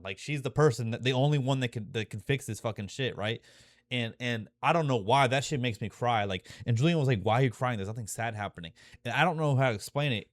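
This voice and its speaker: A man's voice: mid-range voice, dry recording, clean studio sound. A young man talking casually and profanely, full of fillers and restarts, growing emotional and intense as he goes. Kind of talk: casual rambling monologue.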